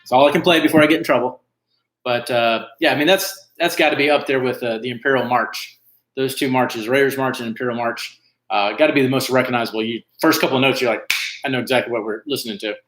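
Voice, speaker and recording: A man hosts a trivia night in a relaxed, chatty way, with plenty of "uh"s as he goes. His voice sits at an ordinary middle pitch. The room around him is echoey. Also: fast talker, slight background noise. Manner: chatty, reads out team names, frequent "uh" fillers. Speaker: trivia host. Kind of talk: casual livestream chat.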